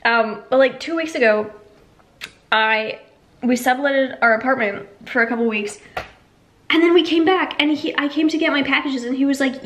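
A woman's voice: a little high, a little fast, a bit bright. A young woman vlogging casually in an emptied apartment, rambling through a story with lots of "like". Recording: echoey empty room.

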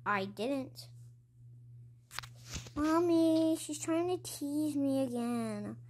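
A woman's voice: high-pitched, animated, drawn-out words, a little mellow, slight background noise, heavily acted. A woman voicing a timid, unloved young girl who whines and pleads in a home-made game role-play. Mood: whiny. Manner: whiny, pleading.

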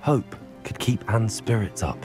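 An earnest, polite young student in a video game. His voice sits very low, with game music clear behind him. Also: expressive, a little slow.

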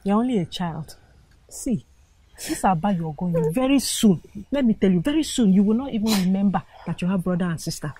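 A woman's voice: medium pitch, expressive, brisk, dark tone, husky, no echo. A Nigerian actress playing a poor mother who firmly coaxes her crying daughter to go away. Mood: coaxing. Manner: coaxing yet firm, persuasive.

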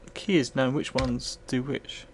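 A man's voice: mid-range voice, normal speed, background noise. A tipsy man commentating live as he plays and reviews an old computer game, swearing freely and rambling. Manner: sweary, rambling, bursts into excited yells.

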